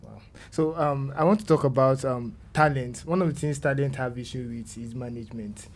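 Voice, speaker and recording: A man's voice: mid-range voice, fairly even intonation, fairly quick. A man with a Nigerian accent hosting a podcast, who encourages his guest, laughs often and asks long questions. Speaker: podcast host. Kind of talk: podcast interview.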